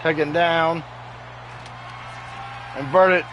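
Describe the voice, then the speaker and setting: A man giving excitable play-by-play commentary over a wrestling video game at home, often exclaiming in alarm. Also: very high voice, unhurried, a little hiss or hum, low-quality recording. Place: home with sleeping dogs nearby.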